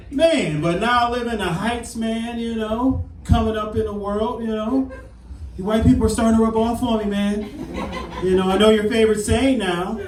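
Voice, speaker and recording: A man in his thirties doing a brash, animated stand-up comedy set on a club stage. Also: sits high, normal speed, a faint crowd, a little hiss or hum. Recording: roomy club sound from a distance. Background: audience laughter.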